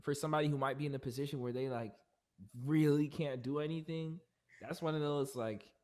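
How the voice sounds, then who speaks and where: Slangy young-sounding podcast host. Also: male voice, a little high, a little fast. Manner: relaxed slangy interjections. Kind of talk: casual chat.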